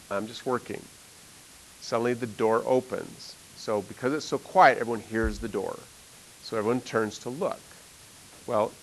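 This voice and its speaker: A man's voice: medium pitch, low-quality recording. A middle-aged man, a math teacher, telling a story in a classroom, rambling with lots of fillers and frequent laughs. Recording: faint hiss.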